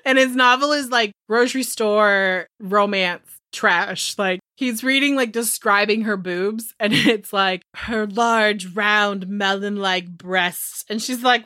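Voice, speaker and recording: A young woman chats through a movie recap with animated, swearing energy and snaps into quick character voices. Her tone is bright and forceful. The sound is dry and close, with no room around it. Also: medium pitch, dry recording. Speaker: podcast co-host.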